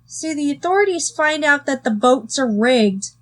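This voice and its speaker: Sardonic high-voiced woman reviewer. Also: expressive, moderate pace, fairly bright tone. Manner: sardonic, wry asides. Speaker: video reviewer. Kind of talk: sarcastic cartoon review commentary.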